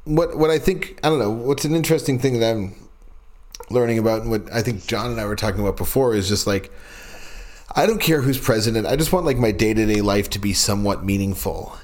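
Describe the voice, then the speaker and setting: A man co-hosting a podcast in casual chat, talking in a profane, rambling, animated way. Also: lowish voice, brisk. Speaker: podcast co-host.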